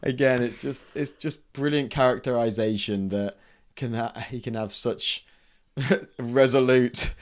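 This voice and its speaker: A man's voice: mid-range voice, measured pace. Man, podcast co-host, casual, giggly, bursts into character voices. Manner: laughing often, acting out characters' lines in bursts. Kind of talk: casual chat about manga.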